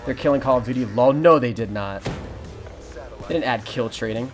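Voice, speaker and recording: A young man commentating his live game stream, greeting viewers and answering chat in an excitable, casual way. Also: medium pitch, moderate pace. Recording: music playing behind.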